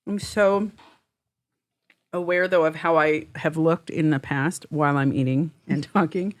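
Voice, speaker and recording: A woman co-hosting a casual chat, expressive and enthusiastic. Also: sits low, unhurried.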